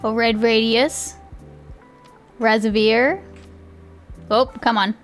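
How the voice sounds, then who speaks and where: A woman's voice: fairly high pitch, fairly even intonation, slow, soft background music. A young woman streamer chatting casually with her viewers. She rambles, laughs often and swears easily. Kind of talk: casual live-stream chat.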